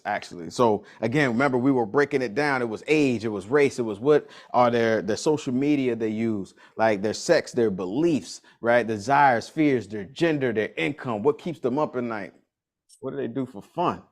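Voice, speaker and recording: A man's voice: mid-range voice, gravelly. A man leading a business coaching workshop in a casual, slangy way, repeating key lines for emphasis. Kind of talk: motivational workshop talk.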